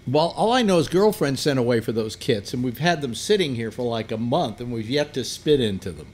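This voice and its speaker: A male radio talk host chats with callers at an ordinary mid pitch, his delivery halting and rambling as he stops and restarts his thoughts. He teases the people on the line in a playful way. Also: animated, a little mellow, slightly rough. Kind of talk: casual call-in chat.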